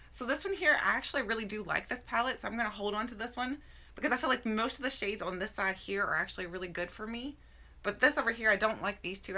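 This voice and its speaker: Woman, live-stream host, casual chat, slightly hoarse, tired voice, bright tone, greets viewers by name. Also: medium pitch. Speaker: beauty vlogger hosting a live stream. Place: at home.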